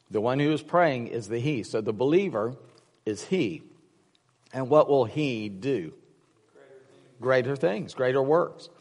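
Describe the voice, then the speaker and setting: A man's voice: mid-range voice, breathy edge, big-room sound. A man preaching a casual sermon, rambling through personal stories with many restarts and fillers. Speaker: pastor.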